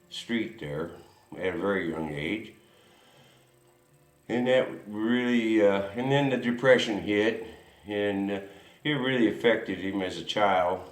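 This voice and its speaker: A man's voice: on the low side, reverberant. A man hosting a racing history show, rambling through a folksy story with lots of chuckles and asides.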